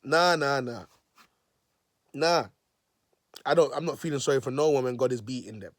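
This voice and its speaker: A man's voice: medium pitch, normal speed, no echo, studio quality. A man, a self-styled prophet preaching in a vlog, repeating himself and calling his listeners "people". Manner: repetitive, emotional, restarts phrases.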